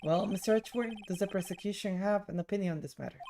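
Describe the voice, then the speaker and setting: A woman's voice: medium pitch, fast talker, background noise, natural voice. A woman voicing a formal, pompous old male judge in a courtroom game.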